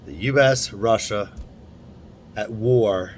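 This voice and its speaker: A man's voice: fairly low pitch, slow, a little hiss or hum. A young man talking to camera in a casual, rambling monologue, full of restarts and asides. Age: young adult. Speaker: vlogger.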